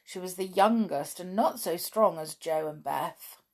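A woman reading a children's book aloud, expressive, with chatty asides. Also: fairly low pitch, unhurried. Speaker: storybook reader.

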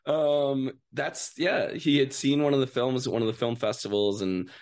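Animated man telling road stories. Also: mid-range voice, moderate pace. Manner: animated storyteller, acts out voices. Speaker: actor guest. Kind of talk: casual storytelling interview.

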